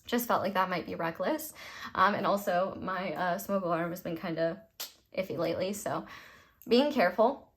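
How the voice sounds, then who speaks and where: With a fairly low pitch and a normal speed, a young woman reads tarot for her viewers, giggling at her own jokes as she rambles casually and pokes fun at herself. A little background noise can be heard.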